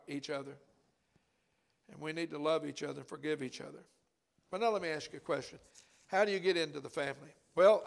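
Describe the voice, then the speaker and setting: A man's voice: on the high side, creaky. An older man preaching a sermon in a church, telling stories in a folksy, conversational way.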